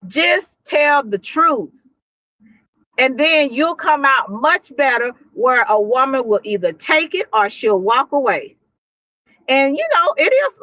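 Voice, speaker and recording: A woman's voice: fairly high pitch, fairly bright tone, no echo, low-quality recording. A woman with a Texan accent hosting a livestream, giving blunt, preachy relationship advice with lots of restarts. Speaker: livestream host. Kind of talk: casual livestream talk.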